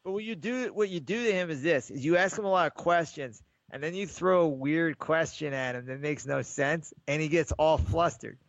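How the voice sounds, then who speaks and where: Rambling, higher-voiced man telling stories. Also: normal speed, few pauses, no room sound, lo-fi sound. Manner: rambling storyteller, acts out callers' voices. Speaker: podcast co-host. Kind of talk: casual sports chat.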